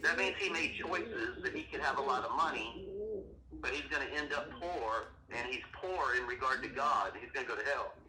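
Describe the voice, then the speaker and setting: A man's voice: mid-range voice, expressive, moderate pace. A middle-aged man and father leading a Bible lesson for his kids over the phone, stern and scolding. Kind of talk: preachy scripture teaching. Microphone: phone call. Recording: echoey, distant phone recording, faint noise.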